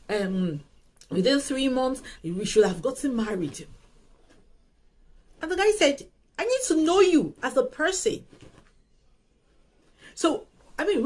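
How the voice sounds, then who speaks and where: Host, woman; husky, repeats points with emphasis. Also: fairly high pitch, low-quality recording. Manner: animated, emphatic, repeats phrases and restarts. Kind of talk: casual advice talk.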